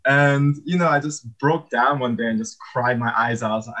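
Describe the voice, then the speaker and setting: A man recounts his own story in easy, casual conversation. His voice sits at a middle pitch and stays animated, and he laughs often as he talks. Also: fast, few pauses, low-quality recording. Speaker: animation artist guest.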